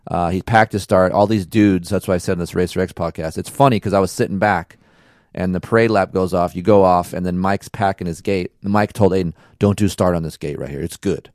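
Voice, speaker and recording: A man with a fairly low voice chats on a casual podcast and tells a story in a relaxed, slangy way. The sound is dry and close, with no room echo. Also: fairly quick. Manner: laid-back storytelling with slang. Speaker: podcast host. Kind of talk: casual chat.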